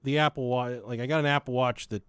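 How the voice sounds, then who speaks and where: A man's voice: medium pitch, steady tone, fast, smooth, dry recording, clean studio sound. A young man hosting a podcast, telling a story in a loose, profane way and laughing along with it. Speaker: podcast host. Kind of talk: casual storytelling chat.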